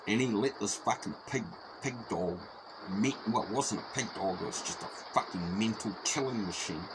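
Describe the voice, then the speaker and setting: A man's voice: on the low side, normal speed. A man telling a story in a rambling, profane, repetitive way. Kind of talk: casual spoken anecdote. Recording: noisy background.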